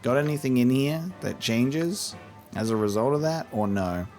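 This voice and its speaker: Chatty profane gaming host. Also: male voice, medium pitch, lively intonation, moderate pace, darkish tone, faint music behind. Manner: chatty, profane, laughs, mimics game characters. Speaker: let's play host. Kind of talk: casual gameplay commentary.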